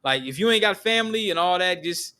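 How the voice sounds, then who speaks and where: An easygoing man hosts a podcast, talking in loose slang and asking his guest curious questions. His voice is a touch high and very bright, with a forceful edge. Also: expressive, a little fast, clear, resonant tone. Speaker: podcast host. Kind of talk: casual chat.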